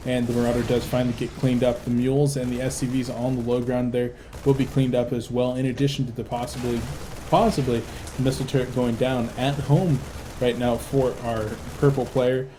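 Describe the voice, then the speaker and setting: A tired man casting a video game match live, with rapid play-by-play and excitable bursts. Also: medium pitch, slight background noise. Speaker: play-by-play esports caster.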